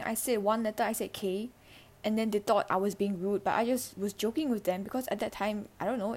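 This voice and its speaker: A teenage girl from Singapore, hosting a personal podcast. She talks in a halting, emotional way, with many fillers and restarts, into a handheld mic. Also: on the high side, a little mellow. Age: teens. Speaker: podcast host.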